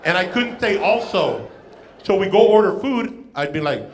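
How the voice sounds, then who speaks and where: A man's voice: high-pitched, sing-song, normal speed. A man doing a stand-up comedy set on a club stage, playful and self-mocking with punchy jokes. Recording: echoey club room.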